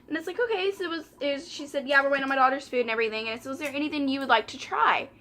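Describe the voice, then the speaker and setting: A woman's voice: sits high, rapid-fire, bright, forceful tone, slight background noise. A young woman, chatting casually while doing her makeup and retelling a story by quoting customers and coworkers. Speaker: vlogger.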